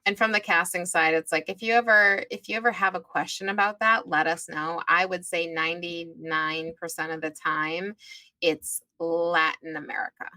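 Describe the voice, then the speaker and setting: Woman host chatting, lowish voice, dry close mic, chatty and keen. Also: fairly even intonation, moderate pace, sharp tone, dry recording, poor audio. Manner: chatty and enthusiastic. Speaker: casting director host. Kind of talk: casual podcast chat.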